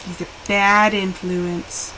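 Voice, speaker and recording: A woman's voice: mid-range voice, takes it slowly, noisy background. A young woman chatting casually and animatedly while live-streaming a game. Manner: chatty and animated, with laughs and exclamations.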